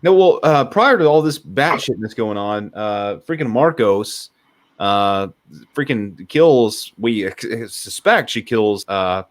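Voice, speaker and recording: A man's voice: on the low side, slow pace. A man co-hosting a podcast, chatting casually about a film, rambling and jokey as he retells scenes. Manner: rambling, jokey, animated storytelling. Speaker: podcast co-host. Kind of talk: casual movie discussion.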